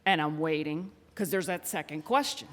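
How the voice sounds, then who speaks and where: A woman in her thirties telling a personal story live on stage, animated and self-mocking, with punchy timing, into a handheld mic. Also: low-pitched, normal speed.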